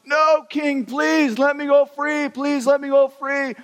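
A man putting on a high, frantic begging debtor. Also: flat delivery, slow, fairly bright tone, long reverb tail, heavily acted. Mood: pleading. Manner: whiny, pleading, frantic. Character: desperate male debtor begging a king.

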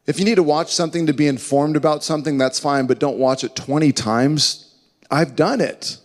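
Male pastor, higher-pitched, emphatic sermon delivery with hushed scripture quotes, reverberant hall sound. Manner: earnest, emphatic preaching with slow dramatic drops to hushed quotes.

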